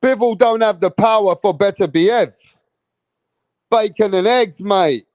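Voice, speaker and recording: A man's voice: high-pitched, measured pace, no room sound. A man from England hosting a live boxing stream, hyped and profane, repeating his points. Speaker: boxing channel host.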